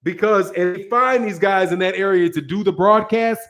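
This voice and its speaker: A Midwestern American man hosting a casual livestream, talking in an animated, profane way and reading viewer chat aloud. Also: sits high, normal speed. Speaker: host.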